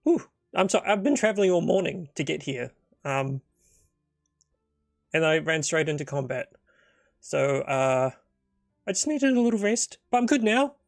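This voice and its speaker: A man voicing a nervous, polite young male adventurer in a solo tabletop game, hesitant and stammering in a raised, gravelly voice. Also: on the high side, big pitch swings, unhurried, pauses often, dry recording, studio quality, soft background music, exaggerated voice.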